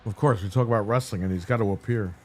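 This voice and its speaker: A man's voice: on the low side, fast talker, darkish tone, a little hiss or hum. A man streaming a video game and chatting casually, telling profane stories and ranting about annoyances.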